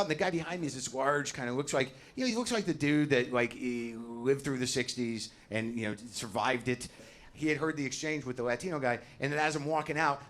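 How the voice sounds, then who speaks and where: A man's voice: fairly high pitch, a bit bright, slight background noise. A middle-aged man doing a stand-up set on a club stage, ranting and swearing with self-deprecating bite. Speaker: stand-up comedian. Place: comedy club stage with audience.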